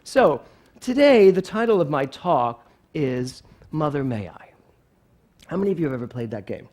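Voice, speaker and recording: Lively, high-voiced male pastor. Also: normal speed. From Philadelphia, USA. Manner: animated, playful, storytelling. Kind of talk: sermon.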